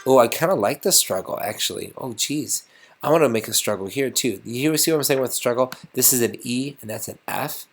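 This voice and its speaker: A man's voice: mid-range voice, a little fast, a little hiss or hum. A man teaching a casual music lesson, thinking aloud and getting enthusiastic as he composes.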